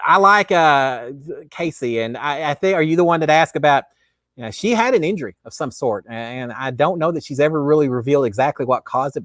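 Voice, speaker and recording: A middle-aged Texan man hosts a casual live chat, answering viewer questions in a rambling way full of restarts and fillers. His medium-pitched voice has a fairly bright tone. The clean studio recording has no room sound.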